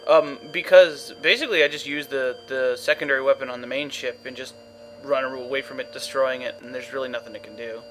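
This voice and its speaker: A man's voice: mid-range voice, fairly even intonation, a little fast, fairly bright tone, slight background noise, poor audio. A man giving casual, rambling gameplay commentary full of fillers and wry asides. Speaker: let's play commentator.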